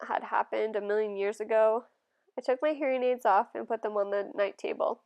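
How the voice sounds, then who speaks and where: A woman reading a first-person novel aloud in a gentle, steady storytelling manner. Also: fairly high pitch, gravelly. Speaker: audiobook reader.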